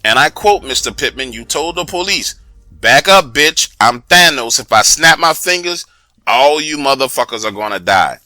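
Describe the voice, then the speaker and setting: A man voicing a calm, patronizing male psychiatrist who speaks softly and slowly. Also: medium pitch, no room sound, soft background music. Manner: slow, soft, measured.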